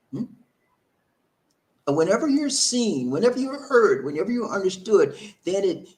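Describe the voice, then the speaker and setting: A man talks through relationship advice in a casual, preachy way. He repeats himself and keeps asking rhetorical questions. His voice sits a little higher than most men's.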